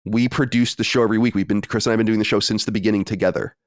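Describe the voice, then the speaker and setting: A man's voice: lowish voice, fairly even intonation, rapid-fire, no room sound, studio quality. A man hosting a podcast in loose, rambling, self-deprecating casual chat. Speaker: podcast host.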